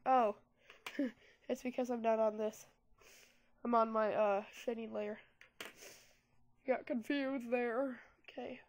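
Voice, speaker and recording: A woman's voice: fairly high pitch, gravelly, darkish tone. A congested young woman casually reviewing a graphics tablet and showing how she draws, chatty and rambling with many fillers. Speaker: product reviewer. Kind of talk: casual product review and drawing demo. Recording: music playing behind the voice.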